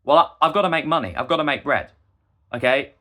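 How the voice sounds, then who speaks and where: A man's voice: on the high side, animated, a little fast, pushed and bright. A young man, delivering a heated, indignant rant straight to the camera. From England. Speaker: busker and vlogger. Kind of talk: ranting monologue to camera.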